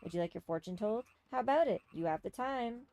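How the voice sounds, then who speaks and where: A woman doing a croaking frog sorceress. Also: mid-range voice, expressive, close to an everyday voice. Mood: mystical. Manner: croaks ribbits, slow and hushed. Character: mystic frog sorceress woman, odd and solemn.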